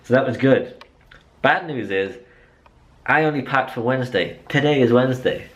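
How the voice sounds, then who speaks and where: A man's voice: medium pitch, moderate pace, highs cut off. A young man chatting in a rambling, self-mocking way as a vlogger. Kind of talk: casual vlog chat.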